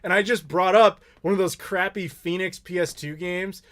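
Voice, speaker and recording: An American man from Chicago hosting a casual live chat, telling rambling, animated stories with laughs and the odd swear. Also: sits high, moderate pace. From Chicago, United States. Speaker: YouTube host answering live questions.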